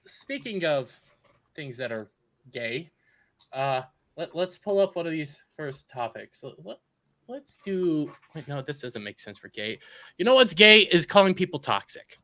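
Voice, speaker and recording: A man hosting a podcast in casual chat, joking and rambling through quick asides. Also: medium pitch, sharp tone, no echo. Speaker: podcast host.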